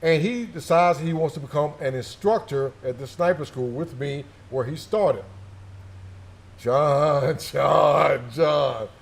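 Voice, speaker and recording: A man's voice: fairly high pitch, normal speed, few pauses, darkish tone. A middle-aged man, a former army sniper instructor, chatting in a folksy, teasing way and repeating phrases, at a live interview in an indoor gun shop event space. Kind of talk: casual interview chat.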